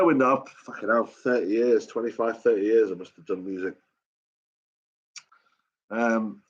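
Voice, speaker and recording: A man's voice: medium pitch, muffled recording. A middle-aged man hosting a late-night live chat, telling stories in a rambling, blunt way with constant swearing. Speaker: live stream host.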